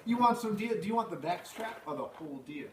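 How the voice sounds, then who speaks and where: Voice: medium pitch, animated, fast, close to an everyday voice. A teacher playing Earl, a folksy boastful diner cook. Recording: roomy, distant, noisy outdoor classroom.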